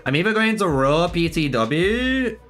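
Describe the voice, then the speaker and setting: A man's voice: sits high, sing-song, measured pace, fairly bright tone, soft background music. A man streaming a game live, chatting casually with viewers, swearing a lot, laughing often and calling them bro. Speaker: gaming streamer.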